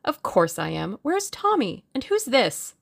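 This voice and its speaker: A woman voicing an eager, spirited young Englishwoman who speaks quickly and sharply. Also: fairly high pitch, wildly swooping pitch, gravelly, voice pushed up, heavily acted.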